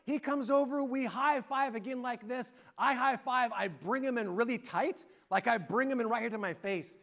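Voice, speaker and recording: A middle-aged man preaching a sermon and telling an animated, excited story to his congregation. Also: extremely high pitch, normal speed. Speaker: pastor.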